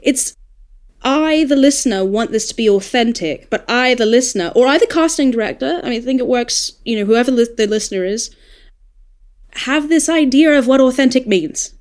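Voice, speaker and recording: An Australian woman, a podcast guest, talking in a casual, animated, thoughtful way and laughing now and then. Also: on the high side, normal speed, clean tone. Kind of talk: casual panel discussion.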